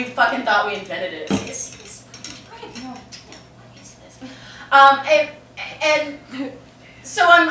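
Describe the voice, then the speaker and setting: Young woman, candid profane storyteller, bright voice, echoey distant room, faint background ambience. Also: mid-range voice, a little hiss or hum. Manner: frank, profane, rambling with many "like" fillers. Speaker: open-mic storyteller. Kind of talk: confessional stand-up storytelling. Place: stage in a roomy venue with a live audience.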